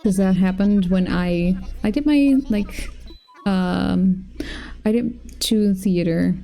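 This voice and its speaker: A young woman streamer chats casually over faint game music. Her voice is mellow and warm, and she tells stories in an animated, playful way. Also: medium pitch, slow pace, creaky. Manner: chatty, animated storytelling with playful laughs. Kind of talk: casual live-stream chat.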